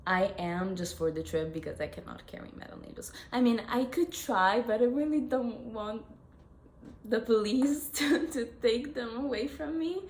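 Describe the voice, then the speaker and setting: A woman's voice: fairly high pitch, lively intonation, normal speed. A young woman with an Italian accent, chatting casually to camera as host of her knitting podcast, self-correcting and giggling as she goes. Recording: echoey room with faint noise.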